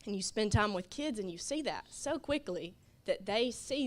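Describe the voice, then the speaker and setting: A woman's voice: mid-range voice, animated. A woman giving an earnest, emotional testimony in a church class, tearful and sniffling into a microphone. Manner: emotional, earnest, halting with little laughs. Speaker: children's ministry volunteer.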